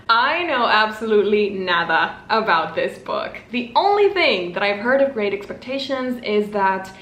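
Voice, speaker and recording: A woman's voice: medium pitch, animated, normal speed, hardly any pauses, a bit bright. A young woman chatting casually in a book vlog, bubbly and self-mocking with dramatic asides. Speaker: booktuber. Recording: echoey room with faint ambience.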